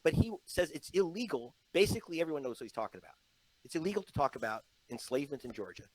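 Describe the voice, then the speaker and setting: Male interview guest, journalist type, emphatic storyteller, voice on the high side. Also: very animated, fast, poor audio. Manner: emphatic, storytelling, mocking put-on quotes. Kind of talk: animated interview talk. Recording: played from an online interview.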